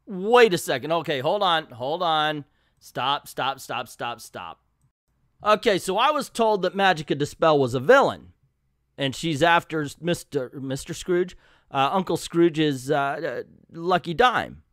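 A man's voice: fairly high pitch, fairly bright tone, dry recording, clean studio sound. A man casually reviewing an old comic book, chatty and wry, with self-deprecating asides.

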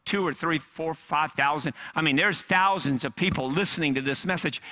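Man, pastor, sermon, bright forceful voice, dramatic storytelling, hushed near-whisper passages. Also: a little high, normal speed, few pauses.

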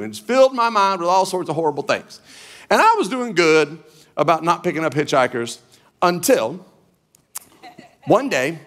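Animated, folksy middle-aged pastor. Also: male voice, fairly high pitch, moderate pace. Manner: animated storytelling, folksy and humorous. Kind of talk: sermon. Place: church stage.

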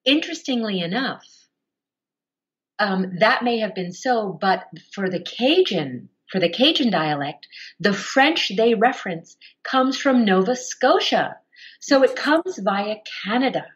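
Woman, audiobook narrator, podcast guest, expressive, mid-range voice. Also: medium pitch, measured pace, dull audio. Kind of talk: podcast interview answer.

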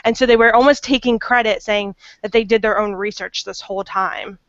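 A woman's voice: mid-range voice, fairly even intonation, fairly quick, fairly bright tone, no echo, muffled recording. A woman guesting on a podcast, earnest and exasperated, often restarting her sentences. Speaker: guest investigator. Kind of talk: casual interview.

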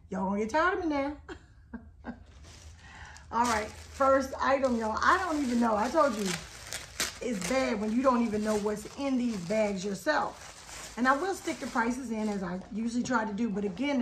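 A chatty woman unpacks her haul and talks right to her viewers. Her voice sits a bit high and sounds a little hoarse, as she is losing it today. There is a faint hiss of noise behind her. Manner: chatty, keeps addressing viewers as y'all. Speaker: haul vlog host. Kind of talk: casual product haul chat.

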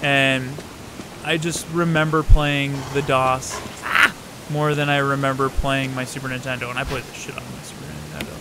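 A young man streaming a game, chatting casually with viewers, swearing freely and shouting at the game. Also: mid-range voice, normal speed, heavy background noise. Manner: profane, chatty, outbursts at the game, greets viewers. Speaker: let's play streamer. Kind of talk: casual live-stream gaming commentary.

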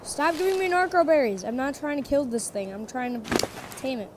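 A woman giving casual, playful commentary on her own gameplay, chatting to the animals in the game and jumping between loud bursts and quiet mutters. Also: high-pitched, animated, normal speed. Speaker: gamer. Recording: loud background noise.

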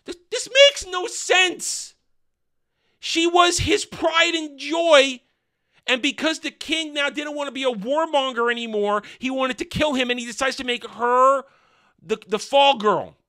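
A man's voice: very high-pitched, normal speed, bright, forceful tone. A man giving a sarcastic, exasperated movie review, ranting as a film reviewer.

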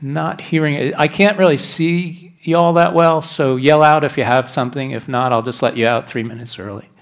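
A man's voice: fairly high pitch, steady tone, normal speed. A middle-aged man giving a technical talk on stage at a conference, chatty and self-deprecating, often restarting his sentences. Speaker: conference speaker. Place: large conference hall.

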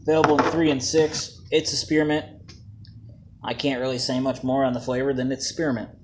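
A man's voice: mid-range voice, little pitch movement, brisk, slight background noise. A man casually reviewing vape juices, joking and plain-spoken in a laid-back way.

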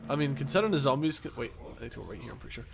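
A man's voice: medium pitch, expressive, rapid-fire, vocal fry, noisy background. Easygoing man rambling through a game. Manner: rambling, self-correcting, chuckles often. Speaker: gaming channel host. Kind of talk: casual let's-play commentary.

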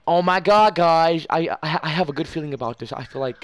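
A young man chatting over a game with his friends, his voice sitting a touch high. He is excitable and profane, swings between shouting hype and muttering to himself, and keeps up a constant stream of trash talk. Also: brisk. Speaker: gamer host. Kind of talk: casual gaming chat.

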